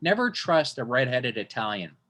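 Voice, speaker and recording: Brief: male stand-up comic hosting an interview, mid-pitch voice, rambling, restarts a lot, swears freely. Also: big pitch swings, moderate pace, pushed and bright. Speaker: interview host and stand-up comedian. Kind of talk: casual storytelling in an interview.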